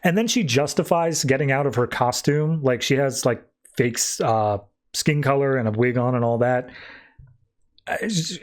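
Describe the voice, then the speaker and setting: A man at an ordinary middle pitch retells a comic book story on a podcast. His talk is casual and full of fillers. Now and then he jumps into short put-on voices for the characters he quotes. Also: moderate pace. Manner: filler-heavy, lots of "like" and "uh". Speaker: podcast co-host.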